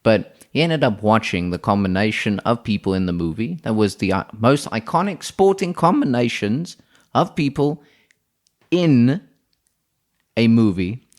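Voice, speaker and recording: A man's voice: medium pitch, animated, measured pace. A man, co-hosting a podcast and telling an improvised story in a rambling way, often restarting his sentences. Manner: rambling, restarts, frequent laughter.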